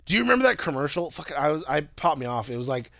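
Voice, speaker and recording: A man's voice: a little high, big pitch swings, racing, creaky, pushed and bright, no echo, dull audio. A man co-hosting a podcast, joking loosely and swearing a lot in casual banter. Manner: loose, swearing, jokey, rambling. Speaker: podcast co-host.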